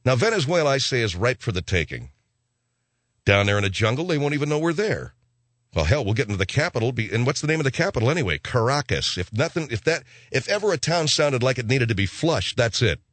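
A man's voice: medium pitch, very animated, quick pace, fairly bright tone, dry recording. Slangy, rambling radio host man. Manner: rambling, hip slang-laden riffing. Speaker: radio talk show host. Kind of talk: comedic talk radio rant.

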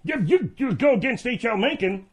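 Put-on radio sidekick, husky and high, voiced by a man, needling and mocking. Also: sing-song, normal speed, heavily acted. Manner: teasing, mocking impressions.

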